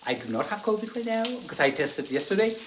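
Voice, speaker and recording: Man, native Spanish speaker, lingering cough, halting English, faint kitchen sizzle behind. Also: high voice, very animated, noisy background. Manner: halting, searching for English words. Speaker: cooking video co-host. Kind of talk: casual cooking chat. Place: home kitchen.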